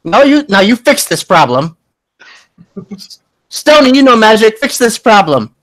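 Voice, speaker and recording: Man doing a shrill doting old gnome mom. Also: very animated, a little slow, a bit bright, no room sound, full character voice. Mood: bossy. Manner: shrill, gushing and smothering. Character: doting stout older female gnome mother.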